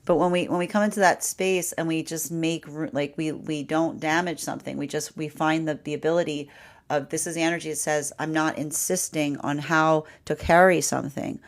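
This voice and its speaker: A woman's voice: low voice, steady tone, brisk. A woman giving a live tarot reading, rambling and repeating herself, with frequent "right?" and "like". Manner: laughs often, quoting the energy's voice. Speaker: tarot reader.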